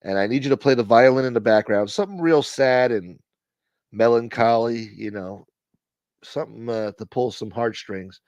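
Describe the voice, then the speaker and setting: A man hosting a casual livestream, thanking donors and shouting out viewers by name in a profane, joking way. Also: mid-range voice, moderate pace, no room sound, highs cut off. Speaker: livestream host. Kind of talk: casual live chat reading donations.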